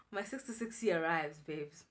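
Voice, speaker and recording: A young South African woman telling a personal story for her vlog in an animated, dramatic way. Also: low-pitched. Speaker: vlogger.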